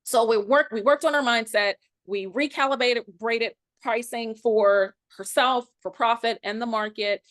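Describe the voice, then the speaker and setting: A woman's voice: a little high, no room sound. This is a woman coaching on pricing, emphatic and a little sassy as she tells her stories. She is close to the microphone with a dry, plain sound. She talks in a casual podcast chat. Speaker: pricing coach for wedding professionals.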